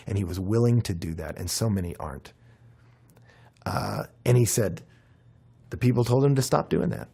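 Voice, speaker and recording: A young man preaching a conversational sermon, his voice worn and hoarse, with frequent fillers and animated emphasis. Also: lowish voice, normal speed, pauses often. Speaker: pastor.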